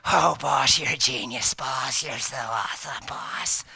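A man's voice: medium pitch, unhurried, gravelly, slightly rough, pitched below the performer's own voice, full character voice. A man voicing a fawning male demon underling who whispers doubts and grovels to his boss. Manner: groveling, wheedling, hushed.

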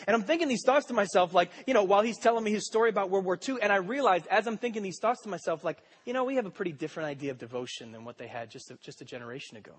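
A man's voice: sits high, expressive, rapid-fire, hardly any pauses. A young adult man preaching a sermon, telling joking stories in a rambling way full of fillers. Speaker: pastor.

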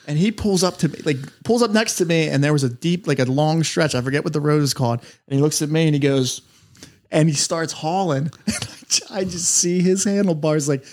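Animated man telling a story. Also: on the high side. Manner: animated storyteller, laughs often, many restarts. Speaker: podcast guest. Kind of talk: casual chat, storytelling.

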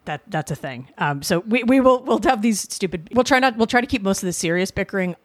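A woman's voice: medium pitch, lively intonation, fast, no echo. A woman in her forties from the Boston suburbs, co-hosting a podcast in casual, sarcastic banter that rambles through self-corrections. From Boston suburbs, USA. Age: 40s. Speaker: podcast co-host.

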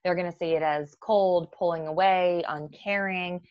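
A woman therapist speaks in a fairly low voice, working through ideas with frequent fillers and restarts. The sound is dry and close, with a slightly muffled, dull quality. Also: fairly even intonation, moderate pace, no room sound. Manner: explanatory, with many fillers and restarts. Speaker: therapist guest. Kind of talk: professional conversation.

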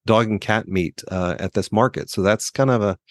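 A man co-hosting a podcast in a relaxed, unhurried chat, his lowish voice full of small hesitations and fillers. The sound is dry and close, with no room around it. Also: dry recording. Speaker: podcast co-host.

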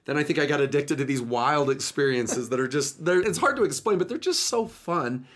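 A man hosting a podcast, telling his stories in an animated, chatty casual way. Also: a little high, a little fast. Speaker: podcast host. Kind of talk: casual storytelling chat.

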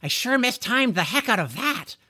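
A man voicing a frantic young man who pleads and yells, sometimes oddly formal. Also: very high-pitched, big pitch swings, normal speed, slightly rough, dry recording, studio quality, pitched above the performer's own voice, full character voice. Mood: flustered. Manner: urgent, yelling.

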